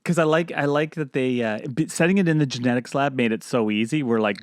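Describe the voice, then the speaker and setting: Dude cracking jokes on a movie podcast, dry close mic, mid-pitch voice. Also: male voice, fast, few pauses, clear, resonant tone, no echo. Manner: joking, mimics his kids and characters. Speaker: podcast co-host. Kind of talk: casual movie-review chat.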